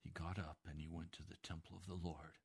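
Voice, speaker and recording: A man preaching a sermon, moving from hushed, slow phrases to impassioned pleading. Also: sits low, flat delivery, vocal fry, breathy edge.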